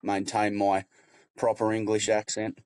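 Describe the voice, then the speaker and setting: A man from Tasmania with an Australian accent, a guest comedian chatting in a relaxed, easygoing way. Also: lowish voice, measured pace, dry recording. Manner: relaxed, easygoing, says "mate" often. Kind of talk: casual interview chat.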